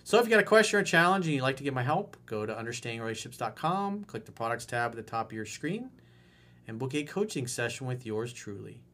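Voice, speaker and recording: A man's voice: medium pitch, sing-song, a bit bright, a little hiss or hum. A man giving dating advice in a video coaching monologue, playful and acting out little bits of dialogue as he explains. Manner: playful, acts out dialogue in quick asides.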